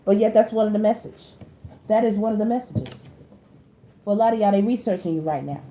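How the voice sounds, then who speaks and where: A woman giving a casual tarot reading. She talks to her viewers directly in slangy speech, jumping from loud exclamations to low muttered asides. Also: brisk. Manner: slangy, addresses the audience directly. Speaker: tarot reader. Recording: echoey room with faint background noise.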